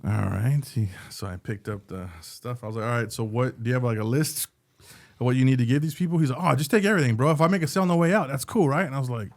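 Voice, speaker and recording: A man telling a funny story on a podcast, swearing freely and acting out the other people's lines. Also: fast. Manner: animated storyteller, acts out quotes with jumps in pitch, swears freely. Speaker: podcast co-host. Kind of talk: casual storytelling chat.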